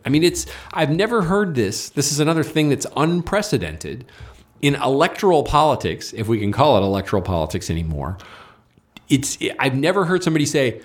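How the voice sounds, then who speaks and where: A man's voice: medium pitch, big pitch swings, brisk. A man speaking as a guest writer in a political interview, arguing his point and acting out quoted exchanges. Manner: argumentative, acts out quoted dialogue.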